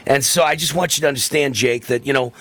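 A man's voice: medium pitch, fast, fairly bright tone, no echo. Heated man hosting talk radio. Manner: emphatic, repetitive and heated. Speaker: radio talk show host.

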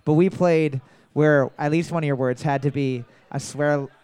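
Smooth-voiced young trivia host. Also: male voice, on the high side, fairly even intonation, darkish tone, no echo. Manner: reads questions slowly twice, joking asides. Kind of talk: casual live trivia hosting.

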